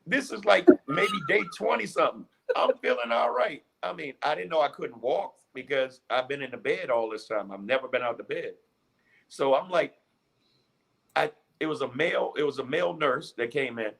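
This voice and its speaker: Gravelly husky-voiced man telling a story. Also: on the high side, normal speed. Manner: animated, laughing, acts out quotes. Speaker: guest recovering from illness. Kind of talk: casual storytelling interview.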